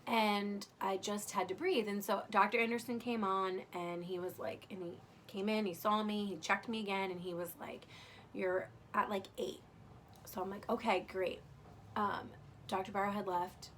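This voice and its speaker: A woman's voice: medium pitch, steady tone, moderate pace, a bit bright, slight background noise. A young adult woman casually telling the story of giving birth, chatty and candid, full of "like" and the odd swear. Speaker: new mother telling her birth story.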